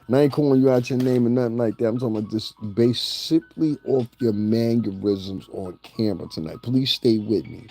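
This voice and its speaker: Male gossip vlogger with a mellow voice, mocking and ranting, laughs at his own jokes. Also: mid-range voice, fairly quick, hardly any pauses, soft background music. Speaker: celebrity gossip commentator. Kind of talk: profane ranting commentary.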